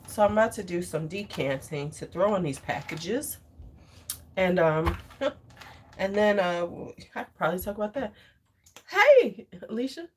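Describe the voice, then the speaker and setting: A woman's voice: lowish voice, lively intonation, normal speed, a little hiss or hum. A woman hosting a casual livestream, rambling between topics, laughing often and chatting with her viewers. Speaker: livestream host.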